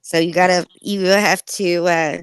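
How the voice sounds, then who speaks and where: A woman's voice: on the low side, fairly even intonation, a little slow, clear, resonant tone, no room sound. A woman co-hosting a casual live-stream panel, playful and teasing, often laughing.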